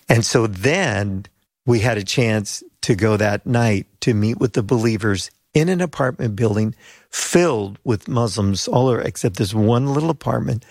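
A man's voice: medium pitch, vocal fry, a little mellow, no echo, studio quality. An older man, a pastor and mission leader from the United States, telling stories as an interview guest and acting out the voices of people he quotes. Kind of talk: storytelling interview.

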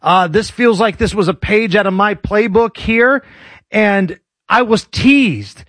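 A man's voice: high voice, slow pace, a bit bright, no room sound. A man hosting a radio talk show, chatting casually with a sardonic, joking delivery.

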